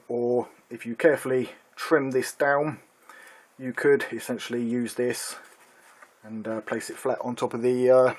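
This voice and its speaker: Chatty man reviewing a hobby magazine. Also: mid-range voice. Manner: relaxed, chatty, frequent ums and uhs. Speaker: miniatures hobby channel host. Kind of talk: casual product review.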